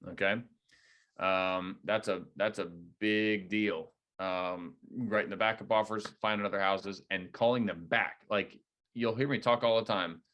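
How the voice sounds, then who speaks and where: A man leading a real estate agent training, coaching in a direct, energetic way. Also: on the low side, measured pace, lo-fi sound. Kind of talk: training debrief talk.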